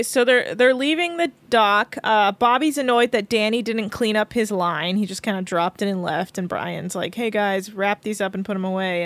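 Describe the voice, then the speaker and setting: Woman podcast co-host, casual recap talk, fairly high voice, dry booth sound. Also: dry recording. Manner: chatty, laughs often, lots of "like".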